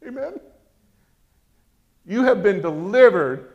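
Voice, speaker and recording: A man preaching a sermon as pastor, animated and acting out quoted voices. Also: high-pitched, slow pace, creaky, highs cut off.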